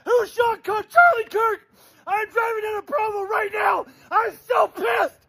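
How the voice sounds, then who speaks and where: Man, crying, furious shouting, very high strained voice, gravelly, tense, in a car. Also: a little slow, rough recording. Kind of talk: ranting selfie video. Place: car while driving.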